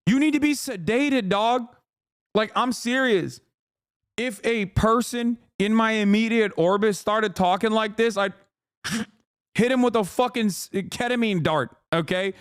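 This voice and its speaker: A man with a high voice riffs through a profane, mocking livestream rant. The sound is dry and close, with no room around it. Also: measured pace, smooth, no echo. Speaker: streamer. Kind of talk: casual livestream commentary.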